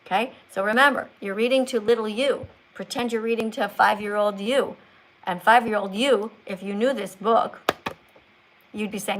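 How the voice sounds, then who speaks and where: A woman hosting a livestream, coaching a caller to read aloud slowly, in a coaxing, teacherly way as if talking to a child. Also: mid-range voice, fairly even intonation, a little hiss or hum, poor audio. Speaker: livestream host.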